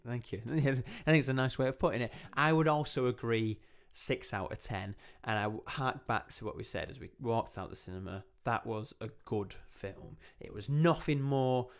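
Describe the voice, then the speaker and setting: A young man hosts a relaxed film podcast in a middle-pitched voice. He is chatty and animated, and he acts out lines from scenes with playful jumps in tone. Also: normal speed, hardly any pauses. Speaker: podcast host. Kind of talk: casual film review chat.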